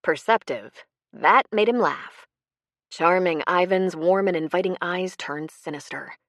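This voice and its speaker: Brief: female audiobook narrator, tense and dramatic, lower register, dry sound. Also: measured pace, no room sound. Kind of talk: scripted narration.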